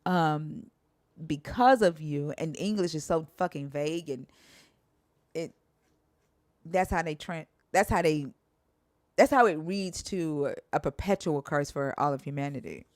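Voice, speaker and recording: A low-pitched young woman hosts a casual podcast about Hebrew translation at a measured pace. Hesitant, she trails off while sounding out words and swears from time to time, in a dry, clean studio recording.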